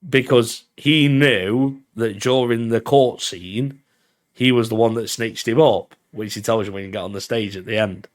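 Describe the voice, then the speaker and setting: A man co-hosting a podcast in easygoing chat. He is sweary and laughs a lot, and his voice sits at a middle pitch. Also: steady tone, normal speed. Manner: laid-back and sweary, laughs often. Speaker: podcast co-host. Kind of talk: casual chat.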